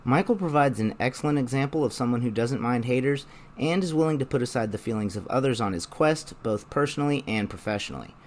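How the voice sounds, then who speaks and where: A young man narrating a scripted video essay in a measured, explanatory way. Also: mid-range voice, lively intonation, a little hiss or hum.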